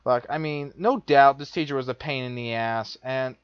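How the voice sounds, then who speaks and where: A man's voice: medium pitch, moderate pace, smooth, dry recording. A young man vlogger telling a personal story in a profane, repetitive, exasperated rant. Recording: dull lo-fi dry recording.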